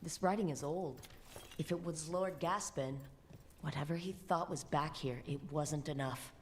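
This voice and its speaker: A woman voicing a grim game companion who studies old writing in a ruin, speaking low and steady. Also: normal speed, a little hiss or hum, lightly acted. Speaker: game character.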